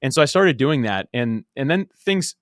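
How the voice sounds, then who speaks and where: A man's voice: mid-range voice, very animated, no echo, clean studio sound. A man in his thirties, a podcast guest, telling his story casually with lots of "like" and repeated words. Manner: rapid, full of "like" and repeated words.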